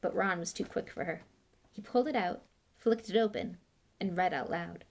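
A woman's voice: fairly low pitch, moderate pace, gravelly. A woman reading a novel aloud in a plain way with small slips and restarts. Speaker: audiobook reader.

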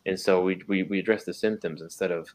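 Earnest low-voiced man. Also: steady tone, fast, a little mellow, slight background noise. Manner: earnest, repeats and restarts, rhetorical questions. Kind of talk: casual faith discussion.

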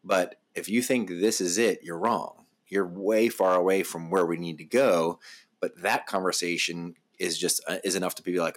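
A man's voice: low-pitched, fairly even intonation, normal speed. A man co-hosting a casual podcast, thinking aloud in a reflective way with frequent fillers.

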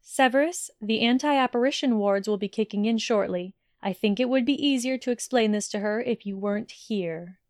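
A woman voicing a stern, formal older headmistress in a fan fiction audiobook, raising her pitch for the role, with a smooth, dry sound. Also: normal speed, hardly any pauses, darkish tone, dry recording, lightly acted.

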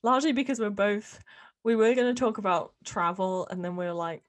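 A British woman co-hosts a laid-back podcast chat. Her voice sits at an ordinary middle pitch, and she keeps the talk light and easygoing. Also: brisk. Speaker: podcast co-host. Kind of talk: casual chat.

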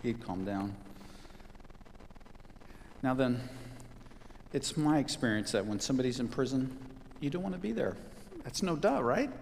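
Emphatic pastor preaching in an echoey hall. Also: male voice, mid-range voice, animated, normal speed, creaky, pauses often, darkish tone, slight background noise. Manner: emphatic, repeats key phrases for stress. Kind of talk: sermon.

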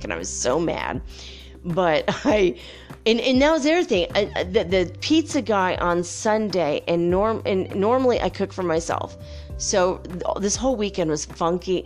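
A woman vlogger casually telling viewers a rambling, animated story, with playful whoops and laughs. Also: fairly low pitch. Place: home by the Pacific.

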